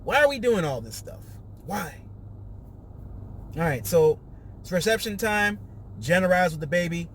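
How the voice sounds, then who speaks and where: A man's voice: high voice, very animated, unhurried, long pauses, a bit bright, a little hiss or hum. A man hosting a casual podcast, recapping a reality show and acting out quotes in raised voices.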